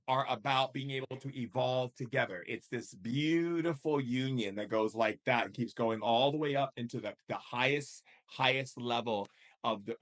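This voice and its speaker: A man's voice: mid-range voice, a bit bright. A man leading a live spiritual coaching session as a shamanic teacher, emphatic and repetitive, with pointed rhetorical questions.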